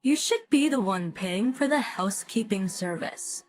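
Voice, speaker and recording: A woman's voice: medium pitch, lively intonation, normal speed, faint music behind, natural voice. A woman voicing a bossy young daughter-in-law who mocks and makes demands. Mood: mocking. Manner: mocking, demanding.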